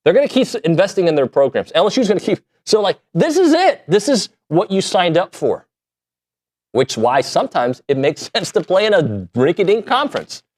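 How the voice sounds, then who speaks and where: A man hosting a sports talk show, talking casually in an animated, joking way that pokes fun at himself. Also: high voice, brisk. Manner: animated, self-deprecating, jokey. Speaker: sports radio host.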